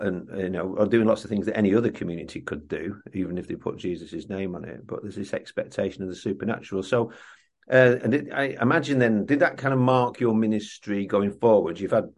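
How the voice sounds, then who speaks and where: A man with a low voice hosts an interview. He muses aloud in loose sentences, full of fillers, before he gets to his question. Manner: musing, loose phrasing with many fillers. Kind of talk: interview chat.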